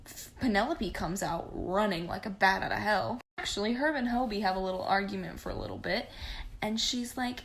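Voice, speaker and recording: A woman's voice: medium pitch, a little fast. A young woman recapping a movie casually, sarcastic, profane and rambling. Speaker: vlogger.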